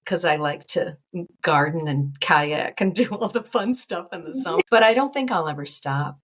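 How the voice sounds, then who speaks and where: Guest, sixties, woman, American accent, low-ish voice, rambly and warm. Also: expressive, normal speed. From United States. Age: 60s. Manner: warm, rambling, laughs often. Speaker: midwife guest. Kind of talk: casual interview.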